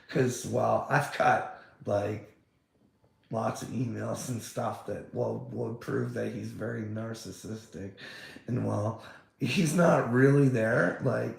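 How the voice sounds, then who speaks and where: A man rambles casually in an echoey room, cursing frequently, tripping over his words, starting over again and again, and laughing between comments. His voice is mid-range with vocal fry.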